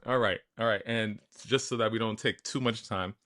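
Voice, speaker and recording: A man's voice: fairly low pitch, steady tone, moderate pace, fairly bright tone. A man in his forties with a New York accent, co-hosting a casual podcast chat, emphatic and laughing often. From New York, family from Guyana. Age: 40s. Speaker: podcast co-host.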